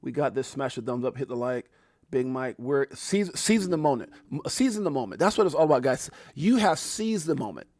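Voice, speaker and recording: A man hosting a livestream, talking excitedly to his chat and repeating himself. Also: medium pitch, fairly quick, no echo. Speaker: livestream host.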